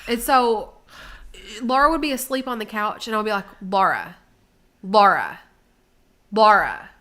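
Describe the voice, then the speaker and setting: A woman co-hosting a casual chat, telling a story with lively acted-out quotes that rise in volume. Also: on the high side, a little fast. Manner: animated, acts out quotes with rising volume. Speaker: co-host.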